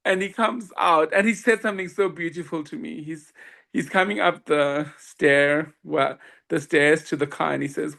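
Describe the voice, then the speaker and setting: A man with a fairly high voice tells a personal story as a podcast guest. He is lively and laughs often, and he acts out each person's lines. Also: normal speed, gravelly. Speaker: guest, swami.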